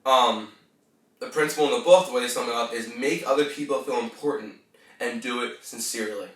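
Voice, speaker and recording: Casual male podcast host, bright and forceful, a bit off-mic, coaching tone, slight mumble. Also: medium pitch, brisk. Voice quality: tends to mumble. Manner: conversational, swears casually, coaching tone. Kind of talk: casual self-help monologue. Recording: roomy, distant from the mic.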